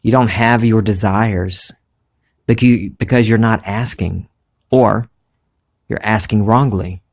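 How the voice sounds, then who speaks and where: A man's voice: lowish voice, fairly even intonation, takes it slowly. A man with a slight Southern American accent, hosting a spiritual podcast in an earnest, musing monologue that thinks aloud. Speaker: podcast host.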